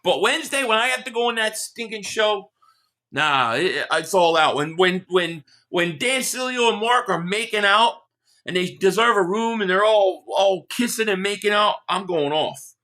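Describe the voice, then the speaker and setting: High, lively, bright-voiced ranting man. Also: moderate pace. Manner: heated, profane, animated ranting. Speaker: live stream sports reaction host. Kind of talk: ranting live reaction, reading viewer chats.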